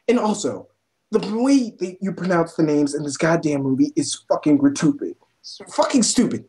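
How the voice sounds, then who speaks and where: A young woman ranting about a film, exasperated and swearing constantly, her voice climbing to near shouts. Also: high-pitched. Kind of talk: profane rant.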